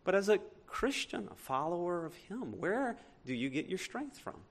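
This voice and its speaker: A man's voice: sits high, big pitch swings, normal speed. A male pastor preaching a sermon, reading scripture aloud and asking the congregation rhetorical questions with emphatic delivery.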